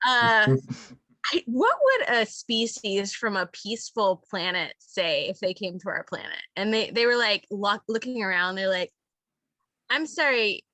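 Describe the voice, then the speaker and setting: A woman's voice: mid-range voice, sing-song, moderate pace, pushed and bright, dry recording. A woman performing a stand-up comedy set, rambling candidly and laughing at her own jokes. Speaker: stand-up comic.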